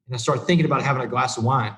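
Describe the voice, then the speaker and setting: A man's voice: mid-range voice, very fast, a bit bright. A middle-aged man telling his recovery story to a group, earnest and plain-spoken, acting out the conversations he recalls. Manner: earnest storytelling, acts out quoted dialogue. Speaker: recovery speaker. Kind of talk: personal recovery talk to a group.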